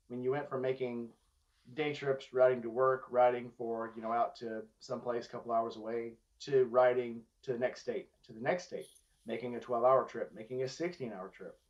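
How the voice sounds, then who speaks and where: A man hosting an interview, chatty and quick to tell stories. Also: medium pitch, fairly even intonation, highs cut off. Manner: chatty storyteller. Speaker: interview host. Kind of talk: casual interview conversation.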